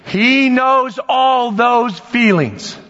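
High-voiced preacher in a reverberant hall. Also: male voice, very slow. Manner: animated preaching, acts out voices, swings from loud to soft. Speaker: pastor. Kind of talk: sermon. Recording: dull lo-fi sound with long hall reverb.

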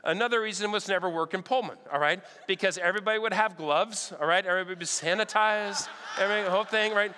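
A man preaching a sermon, telling lively stories in an animated way and checking in with his listeners again and again. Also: high-pitched, fast talker, noisy background. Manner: animated, checks in with "all right?" often. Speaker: pastor. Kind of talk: storytelling sermon. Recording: long hall reverb.

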